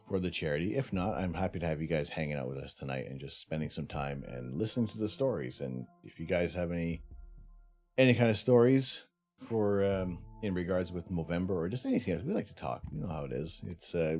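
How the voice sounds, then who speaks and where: A low-voiced man from Canada hosts a casual charity livestream, and his pitch swings a lot as he talks. He is chatty and teasing and laughs often, with faint music playing behind him. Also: darkish tone. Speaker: stream host.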